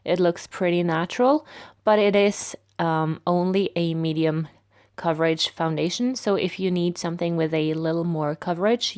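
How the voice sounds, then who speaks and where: A woman with a raspy voice narrating a makeup tutorial in a relaxed, step-by-step way. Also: fairly low pitch, moderate pace. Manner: relaxed, step-by-step explaining with fillers.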